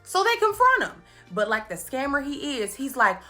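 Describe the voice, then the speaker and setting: Bright, high-voiced woman host, playful recap commentary, lots of laughs. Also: moderate pace, faint music behind. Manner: animated, laughing, playful impressions. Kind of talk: comedic movie recap commentary.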